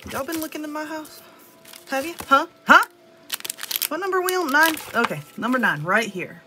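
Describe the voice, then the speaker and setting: A woman with a Southern US accent chatting excitedly to viewers as she unboxes nail art supplies, gushing over each item. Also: sits high, moderate pace, music in the background. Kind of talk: casual unboxing chat.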